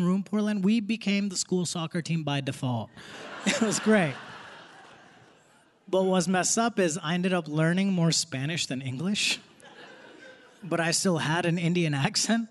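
A young man doing live stand-up comedy on a theater stage, casual and punchy, laughing as he goes. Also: high-pitched. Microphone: stage microphone. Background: audience laughter.

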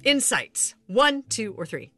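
Relaxed woman hosting an interview. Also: a little high, slow, soft background music. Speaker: host. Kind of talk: conversational interview.

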